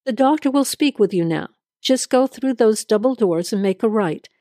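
A woman voicing a hospital nurse in an audio drama reading, brisk and instructive. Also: fairly high pitch, expressive, mellow, no echo, clean studio sound, natural voice.

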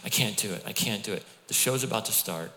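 A middle-aged pastor preaches a sermon in a lowish voice at a fast pace, telling stories in an animated, conversational style with asides to the congregation. The recording carries a long hall reverb.

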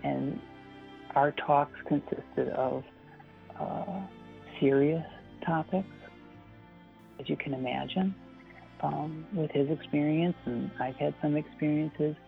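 A guest talks fondly and openly, with a smile you can hear and frequent laughs. The voice has a gravelly edge. It comes through a thin, phone-like line with faint music underneath. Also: medium pitch, fairly even intonation, slow pace, pauses often. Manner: warm, smiling, reminiscing with laughs. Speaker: interview guest. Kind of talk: personal interview conversation.

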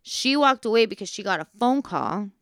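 A woman's voice: mid-range voice, expressive, moderate pace, clean tone, no room sound. A woman in her thirties co-hosting a casual chat with her husband, laughing and correcting his version of a story. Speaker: podcast co-host.

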